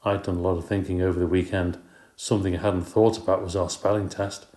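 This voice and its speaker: A man's voice: low voice, level tone, quick pace, warm tone. A man narrating a children's storybook in a wry, playful first-person tone. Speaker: audiobook reader. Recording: roomy echo.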